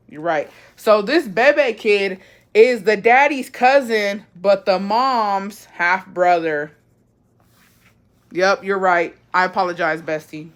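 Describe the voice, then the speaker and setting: A woman's voice: fairly low pitch, a bit bright. A woman hosting a casual livestream, blunt and profane, explaining family drama and tossing in Spanish phrases. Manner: sassy, repetitive explaining. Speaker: livestream host answering viewer questions. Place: lives in Mexico.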